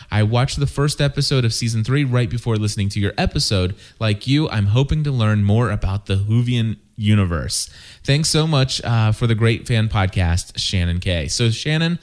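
A man's voice: medium pitch, darkish tone. A man co-hosting a fan podcast, reading listener emails aloud with frequent restarts. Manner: halting, with restarts. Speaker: podcast co-host.

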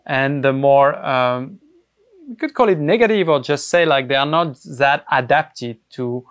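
A man speaking as a podcast guest, answering reflectively with many pauses and hesitations. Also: mid-range voice.

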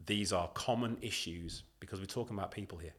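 A man talking as a guest on a podcast interview, emphatic and animated, acting out what other people say as he makes his points. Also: low voice, fairly quick. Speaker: podcast guest, leadership consultant.

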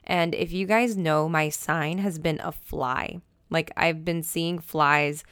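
A woman's voice: deep voice, fairly even intonation, slow pace, a bit bright, no room sound. A woman hosting a wellness podcast and coaching, talking in an enthusiastic, chatty, emphatic way into a close mic. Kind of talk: casual solo podcast talk.

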